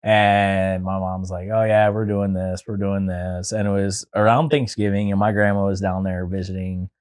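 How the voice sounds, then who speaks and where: A man's voice: sits low, fairly even intonation, normal speed, darkish tone, clean tone. A young man, a podcast guest, telling a long personal story in casual chat, full of filler words like "like" and "dude".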